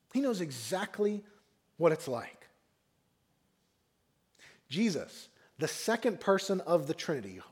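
A man's voice: fairly high pitch, darkish tone. A man preaching a sermon on a psalm, speaking expressively and acting out the mockers and the psalmist in raised voices. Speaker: pastor.

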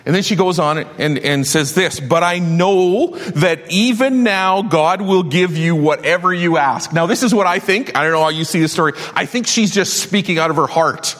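A man's voice: sits high, a bit bright, long reverb tail. A man preaching a sermon as pastor, passionate and building to emphatic declarations.

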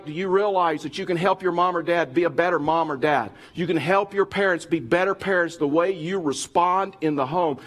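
A middle-aged male pastor delivering a sermon with a slightly raised voice. He presses his point earnestly, turns straight to his listeners, and often stumbles and restarts mid-phrase. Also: a little high. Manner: earnest, addressing listeners directly, frequent restarts. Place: church service.

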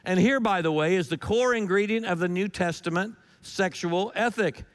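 A man's voice: high voice, normal speed, big-room sound. A pastor preaching a sermon in an emphatic style, repeating his key lines and posing rhetorical questions.

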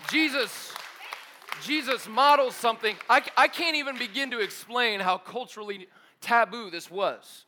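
A young adult man preaching a sermon in a casual, energetic way, using slang like "dude" and "bro" and moving between loud emphatic bursts and quiet low asides. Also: normal speed, some chatter behind, slight background noise. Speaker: pastor.

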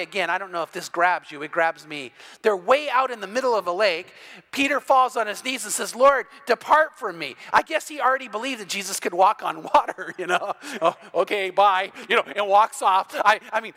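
A man preaching an evening sermon as pastor, retelling scripture in a lively storytelling way and growing loud and emphatic at key points. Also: sits high, fairly quick. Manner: builds from quiet to loud, emphatic.

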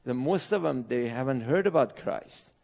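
A man's voice: medium pitch, animated, moderate pace, vocal fry, a little mellow. A middle-aged man from Iran with an Iranian accent, preaching a sermon as a missionary pastor in earnest, broken English. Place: church sanctuary.

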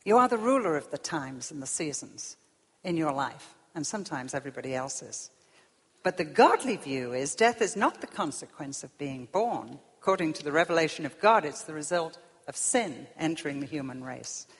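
A woman preaching a sermon, swinging from loud emphasis down to hushed whispers. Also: deep voice, expressive, moderate pace, breathy edge. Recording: long reverb of a large hall.

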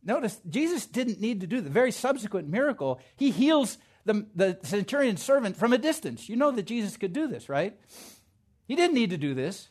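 A male pastor preaching a sermon to his congregation, swinging from quiet asides to loud, emphatic declarations. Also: sits high, very animated, brisk, breathy edge.

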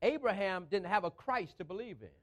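A man with a notably high voice preaching a sermon in an emphatic call-and-response style. He builds each phrase up and drives it home, repeating lines for effect, with speech patterns. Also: expressive, fairly quick.

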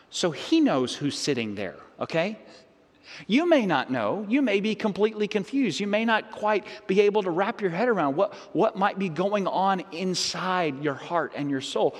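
Earnest pastor, high voice, hall reverb. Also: male voice, expressive, normal speed. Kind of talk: sermon.

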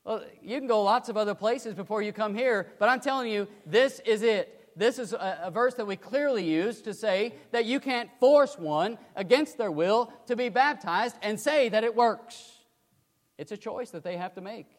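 An older man delivers a sermon in a high voice. He leans hard on key words and falls quiet for asides, with a long hall reverb behind him. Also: normal speed. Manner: emphatic, rising to loud pleading then dropping to quiet asides. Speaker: preacher.

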